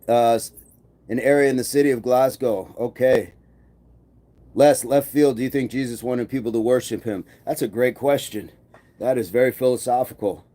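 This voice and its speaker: A man's voice: mid-range voice, mellow. A man hosting a fitness livestream, chatting casually and reading out viewer comments in an easygoing, rambling way. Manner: easygoing, rambling with many fillers. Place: home gym.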